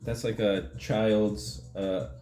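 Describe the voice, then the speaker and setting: A man hosting a mock language tutorial, rambling in deadpan with feigned confusion. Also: lowish voice, slow. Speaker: comedic video host. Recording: roomy sound with faint music.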